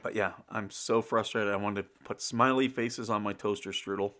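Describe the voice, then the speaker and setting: A man's voice: on the low side, fairly even intonation, normal speed, bright, forceful tone, a little hiss or hum. A middle-aged man from the US, hosting a casual morning livestream, rambling with fillers and frequent chuckles. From United States. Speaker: show host.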